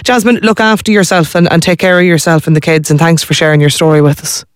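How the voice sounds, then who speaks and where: A man's voice: a little high, steady tone, fast talker, clean tone, no echo, studio quality. An Irish man hosting a radio phone-in, reassuring the caller and talking with many restarts. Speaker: radio host.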